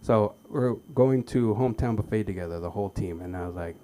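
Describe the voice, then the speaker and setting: Stammering stand-up comic acting out scenes. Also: male voice, fairly low pitch, a little fast, a little hiss or hum. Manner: stammering, acts out shouted quotes. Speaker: open mic comedian. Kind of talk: stand-up storytelling. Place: comedy club stage.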